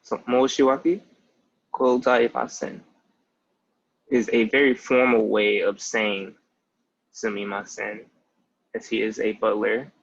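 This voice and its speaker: Young man with a gravelly fry. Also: fairly low pitch, flat delivery, slow, long pauses. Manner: explains step by step, leaning on "so" and "basically". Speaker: language tutor. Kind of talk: casual spoken lesson. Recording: muffled lo-fi audio.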